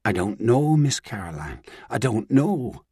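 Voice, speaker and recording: A frightened woman gasps out bad news, apologetic and wailing, voiced by a male narrator. The voice is husky and dry and close to the mic. The pitch lifts above the reader's own. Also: big pitch swings, measured pace, darkish tone, no echo, exaggerated voice. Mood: despairing. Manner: apologetic, breaking with grief. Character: anxious, distraught woman caretaker. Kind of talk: audiobook character reading.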